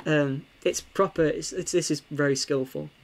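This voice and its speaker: A young man, casually talking through a chess game for stream viewers, animated and full of ums and restarts. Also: fairly high pitch, normal speed, vocal fry. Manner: animated, with frequent fillers and restarts.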